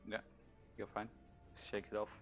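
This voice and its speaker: Low-voiced game master, dull lo-fi sound. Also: male voice, monotone, normal speed, faint music behind. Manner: brief, matter-of-fact rulings. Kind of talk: running a tabletop game. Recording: dull lo-fi recording.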